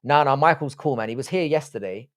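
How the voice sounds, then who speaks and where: A man's voice: mid-range voice, animated, quick pace. A man with a Southwest London accent hosting a casual live stream, reading chat and bantering with heavy swearing. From England. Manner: profane, teasing banter.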